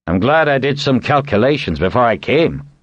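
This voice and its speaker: A man voicing a seasoned old male sea captain with a roughened voice in an audiobook. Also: medium pitch, very animated, normal speed, no echo, lo-fi sound, pitched above the performer's own voice. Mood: satisfied.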